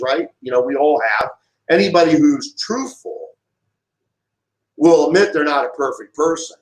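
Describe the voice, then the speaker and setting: Fired-up middle-aged man, echoey room. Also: a little high. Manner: heated, emphatic, repeats himself. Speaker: vlogger giving a political rant. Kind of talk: impassioned monologue.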